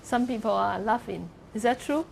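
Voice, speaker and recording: In a fairly high, creaky voice at a moderate pace, a woman lectures a university class over a little hiss or hum. She breaks explanations into steps, pronounces examples aloud, and asks "okay?" along the way.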